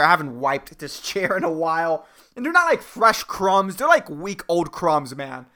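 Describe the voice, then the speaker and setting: A man's voice: high voice, sharp tone. A man hosting a solo podcast. He rants angrily, rambles, restarts, and swears constantly. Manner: crude, profane, angry ranting. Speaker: podcast host. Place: seated indoors at home.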